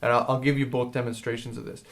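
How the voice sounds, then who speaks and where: A man teaching a drum lesson in a casual, rambling way, hesitating and filling pauses as he explains. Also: medium pitch, level tone, background noise. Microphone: handheld field recorder.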